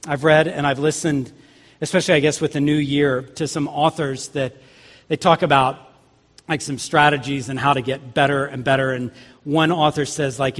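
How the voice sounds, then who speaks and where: A man preaching a conversational sermon as a pastor, acting out the voices he quotes. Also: a little high. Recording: long reverb of a large hall.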